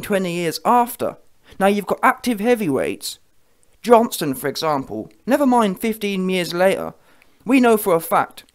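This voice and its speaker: A man giving heated, mocking boxing commentary on his vlog and checking in with viewers as he goes. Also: high-pitched. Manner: heated, mocking, keeps asking the viewer "yeah?". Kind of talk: ranting reaction commentary.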